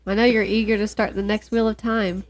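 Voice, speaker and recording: A woman's voice: mid-range voice, level tone, a little fast. An American woman co-hosting a casual book podcast, agreeable and upbeat, often trailing off mid-thought. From United States. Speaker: podcast co-host. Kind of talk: casual chat about audiobooks.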